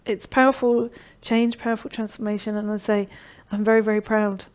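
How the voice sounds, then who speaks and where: A middle-aged woman hosting a live online course session, pitching her program with encouragement and often checking in with "okay?". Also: flat delivery, brisk, darkish tone. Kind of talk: live-streamed sales pitch and Q&A.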